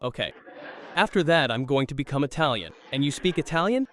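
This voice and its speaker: A man doing a stand-up comedy set, telling stories with lively crowd work and swearing. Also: a little high, brisk, recorded from a distance. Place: comedy club stage.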